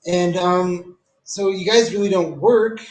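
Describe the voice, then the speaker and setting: A man with a rather high voice rants casually to camera, swearing constantly and rambling from one point to the next. His voice bounces around an echoey room. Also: steady tone, slow pace, darkish tone. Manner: profane, rambling rant with frequent "dude".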